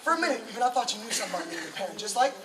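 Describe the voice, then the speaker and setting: A teen actor in a camp stage play as an anxious young male sidekick raising fretful, quick objections. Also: sits high, very animated. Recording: echoey hall from far off, crowd noise.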